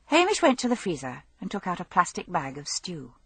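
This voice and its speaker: Husky woman narrating an audiobook. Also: fairly low pitch, wildly swooping pitch, fairly quick, hardly any pauses, fairly bright tone, no echo. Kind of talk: scripted narration.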